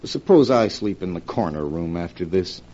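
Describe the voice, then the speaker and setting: An actor playing a scheming husband in an old radio drama, smooth-talking and turning sharp and urgent when pressed, on a dull lo-fi recording. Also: male voice, deep voice, lively intonation, normal speed. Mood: nervous, evasive. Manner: smooth, then sharp and tense when cornered. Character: scheming husband, middle-aged man, guilty and menacing. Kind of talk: 1940s radio acting.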